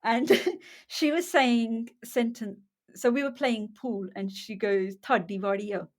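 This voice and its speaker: A woman's voice: on the high side, animated, slow. A woman in her thirties, co-host of a casual podcast, whose first language is Punjabi. She talks in a loose, chatty way, often stopping mid-sentence to look for a word and laughing it off. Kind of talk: casual chat.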